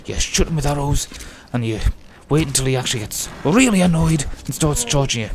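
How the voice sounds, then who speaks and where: A let's play host gives chatty, jokey commentary while playing a game and talking to himself. His mid-range voice is expressive and brisk, with a little hiss or hum in the recording.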